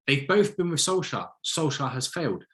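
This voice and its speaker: A man giving his opinions in a casual football chat, animated and blunt, often acting out what others might say. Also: on the high side, normal speed. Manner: opinionated, animated, mock-quotes others in put-on voices. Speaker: podcast co-host, football fan.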